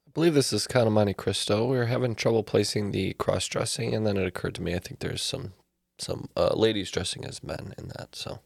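A man's voice: on the low side, fairly quick, creaky, dry recording, studio quality. A man playing along on a trivia podcast, hesitant and teasing. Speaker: quiz contestant. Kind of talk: casual chat.

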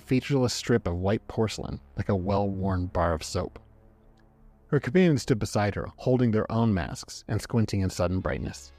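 A man narrating a story aloud in a measured, dramatic reading. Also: lowish voice, a little mellow, dry recording. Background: faint background music.

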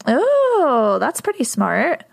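A woman's voice: high voice, huge pitch swings, slow, gravelly. A woman hosting an interview, reacting with enthusiasm. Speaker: host.

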